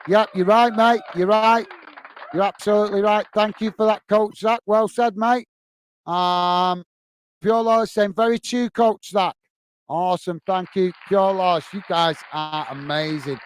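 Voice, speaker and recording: High, smooth-voiced man hosting a livestream. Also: steady tone, unhurried, no echo. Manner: friendly, chatty, many "uh"s and "mate"s. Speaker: football channel host. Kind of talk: casual livestream chat, reading viewer comments.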